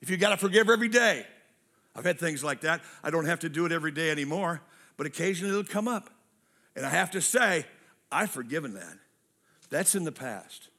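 A male pastor delivers a sermon in a high, bright, forceful voice. He is lively and humorous, slipping into character voices for quotes and hammering key phrases by repeating them. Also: quick pace.

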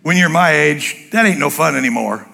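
A male pastor preaching a sermon in church, blunt and joking, an animated storyteller who acts out other people's voices. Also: on the high side, normal speed, creaky.

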